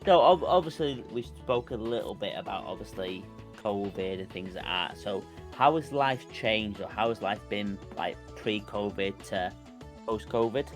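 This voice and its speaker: A man hosts a casual podcast, asking relaxed, friendly questions. His voice is low-pitched, with faint music behind him. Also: normal speed. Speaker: podcast host.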